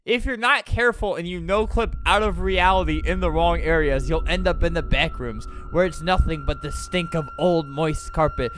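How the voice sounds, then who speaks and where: Lively, bright-voiced gaming commentator. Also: mid-range voice. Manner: excitable, teasing, laughs often. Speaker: gaming video creator.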